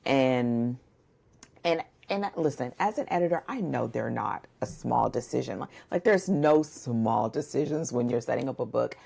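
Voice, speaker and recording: A woman chats on a podcast, and her voice sits very low. It has a gravelly, fry-tinged texture. She talks in a loose, rambling way, full of "y'all" and "listen". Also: animated, moderate pace, dark tone. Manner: rambling, chatty, says "y'all" and "listen" often. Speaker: podcast co-host, book coach and editor. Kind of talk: casual chat.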